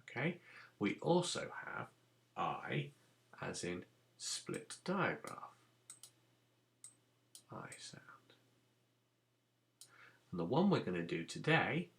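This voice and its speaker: A man teaches young children phonics in a recorded lesson. His low, gravelly voice moves slowly, rising and falling in a lively, sing-song way as he patiently sounds out each letter. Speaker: primary school teacher.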